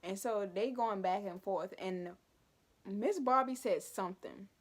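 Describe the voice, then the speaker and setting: Animated young woman telling a storytime. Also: mid-range voice, unhurried. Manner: animated, dramatic retelling with asides. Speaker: vlogger. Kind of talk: storytime vlog.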